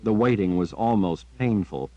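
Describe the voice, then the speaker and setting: A man narrating an audiobook in a steady, measured storytelling manner. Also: on the low side, no room sound. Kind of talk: scripted narration. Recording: dry, dull lo-fi.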